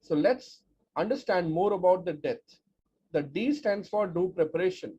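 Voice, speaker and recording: A man giving an energetic, emphatic webinar talk as a speech coach, with lots of rhetorical repetition. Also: sits high, normal speed, husky. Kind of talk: webinar presentation. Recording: dull lo-fi audio with faint noise.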